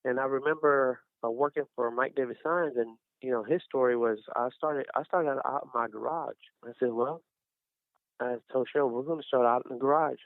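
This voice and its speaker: A man's voice: mid-range voice, a little fast, no echo. Middle-aged guy telling his faith story, lots of restarts and ums, tinny dry sound like a phone. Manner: rambling, many restarts and fillers. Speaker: guest, small business owner. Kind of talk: casual faith testimony.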